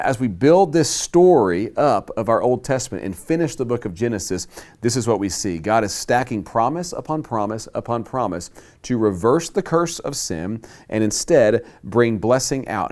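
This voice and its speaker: Animated male Bible teacher. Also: fairly low pitch. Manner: emphatic, slows and stresses key words; live teaching to a class with handouts. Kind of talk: Bible class lecture.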